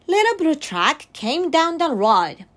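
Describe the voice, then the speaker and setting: A woman teaching English to preschoolers, singing and reading a picture book aloud in a slow, animated, sing-song way. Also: high voice.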